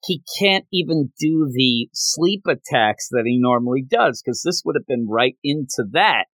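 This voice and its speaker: Animated man retelling a manga chapter. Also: a little slow, no room sound. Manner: animated retelling with big pitch jumps. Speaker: podcast co-host. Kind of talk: casual manga discussion.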